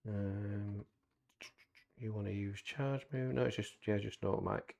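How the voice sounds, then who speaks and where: A man's voice: fairly low pitch, steady tone, normal speed, creaky, darkish tone. A man playing a tabletop wargame, planning moves and trading dry, teasing banter with his opponent in casual commentary.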